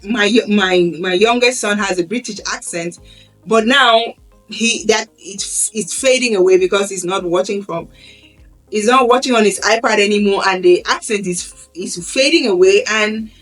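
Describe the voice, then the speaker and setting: A woman's voice: medium pitch, normal speed, fairly bright tone. Earnest woman vlogger, slightly distant mic. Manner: earnest, conversational, often restarts phrases. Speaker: parenting vlogger. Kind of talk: casual talk to camera. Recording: slightly distant mic with faint background music.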